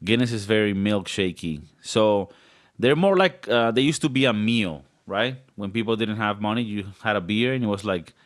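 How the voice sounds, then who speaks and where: A man's voice: on the low side, normal speed. Young male podcast co-host, rambling joker, casual and profane. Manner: rambling, joking, swears a lot. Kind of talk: casual banter.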